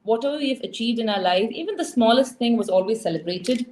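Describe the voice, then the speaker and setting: A young woman from India, a TV presenter, telling her story as an interview guest in an animated, emotional way, acting out quoted dialogue. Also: on the high side, fairly quick, rough recording.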